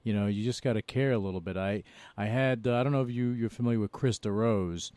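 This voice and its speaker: A man's voice: fairly low pitch, a little mellow, dry recording. A male radio host chatting casually with a guest, restarting his sentences often. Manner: halting, restarts a lot. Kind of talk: casual interview chat.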